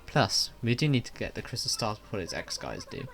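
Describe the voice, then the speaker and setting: A man's voice: on the low side, huge pitch swings, fairly quick, creaky, a bit bright, faint music behind, full character voice. A man voicing a spunky young female goomba companion in a game, blunt and teasing.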